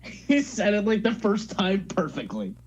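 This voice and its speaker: A man's voice: high voice, big pitch swings, a little slow, slight background noise. A teenage young man co-hosting a casual podcast, teasing his friend and rambling with lots of "like" fillers. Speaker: podcast co-host. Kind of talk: casual chat. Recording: dull lo-fi sound.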